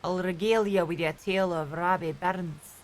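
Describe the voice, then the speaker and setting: A woman putting on a refined Edinburgh gentleman with a soft Scottish accent, speaking slowly and quietly. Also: on the low side, steady tone, lightly acted. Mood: genteel. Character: genteel posh Edinburgh gentleman host.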